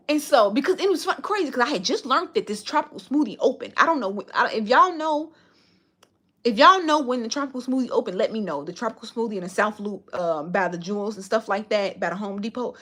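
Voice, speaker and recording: Casual streamer, woman, slightly high, breathy voice, blunt and profane. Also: lively intonation, fairly quick, fairly bright tone. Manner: blunt, profane storytelling with lots of slang. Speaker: livestreamer. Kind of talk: casual livestream chat.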